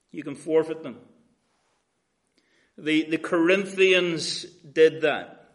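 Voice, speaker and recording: A man's voice: fairly high pitch, fairly bright tone. A male pastor, preaching an earnest sermon and citing scripture verses.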